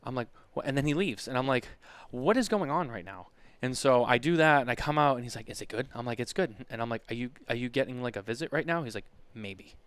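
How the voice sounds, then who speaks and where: A man co-hosting a relaxed podcast, spinning a rambling story full of restarts and quoted back-and-forth. His voice is smooth and resonant, recorded close and dry with no room sound. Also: medium pitch, fast talker, no echo. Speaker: podcast co-host. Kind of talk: casual chat.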